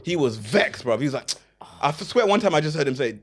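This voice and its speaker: A young man with a London accent, co-hosting a podcast and telling a story among friends, animated and laughing often, with London slang. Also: a little high, fairly quick, heavy background noise. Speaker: podcast co-host. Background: friends laughing and chiming in.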